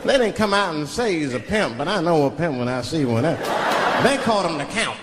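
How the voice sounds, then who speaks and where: A male stand-up comedian telling profane, animated stories to a live audience, recorded in a venue with laughter and reverb. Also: fairly high pitch, normal speed, over a noisy crowd, very noisy.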